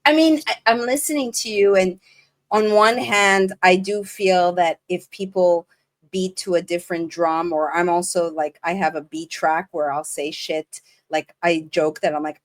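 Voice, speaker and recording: Lower-voiced woman hosting, thinking aloud. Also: fairly even intonation, unhurried. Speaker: host. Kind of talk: casual interview talk.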